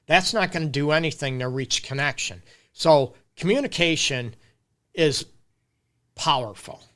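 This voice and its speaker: Middle-aged male counselor, bright tone, earnest live-stream advice talk, keeps checking in with listeners. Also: on the high side, animated, measured pace. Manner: earnest, conversational, keeps asking "you get me?"; lists points with repetition and emphasis. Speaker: relationship counselor hosting a live Q&A.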